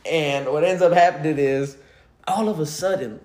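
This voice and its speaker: A man's voice: a little high, moderate pace, darkish tone, echoey room. A man in his late twenties telling a story in casual slang, laughing often as he talks. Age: late 20s.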